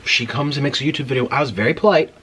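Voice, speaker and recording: A man hosting an eating video, retelling an annoying drive-thru visit in an indignant, animated way between bites. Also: mid-range voice, racing, a little hiss or hum. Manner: animated, indignant retelling with mouth-full murmurs. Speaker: mukbang host. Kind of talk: storytelling while eating on camera.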